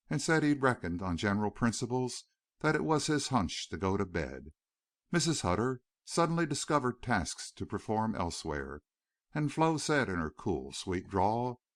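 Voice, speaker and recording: Low-voiced, expressive male audiobook narrator. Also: no room sound, studio quality. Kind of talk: scripted narration.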